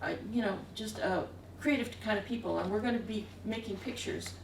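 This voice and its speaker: A woman's voice: mid-range voice, brisk, creaky. A woman artist giving a talk, telling stories in a meandering way with frequent chuckles. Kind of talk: anecdotal storytelling. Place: museum gallery room. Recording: echoey room, distant mic, faint hiss.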